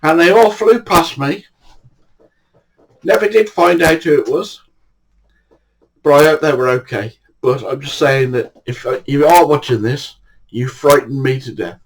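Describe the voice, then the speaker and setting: A man's voice: a little high, unhurried, long pauses, rough recording. An older man, casually telling anecdotes in a blunt way, swearing freely. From England. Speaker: storyteller.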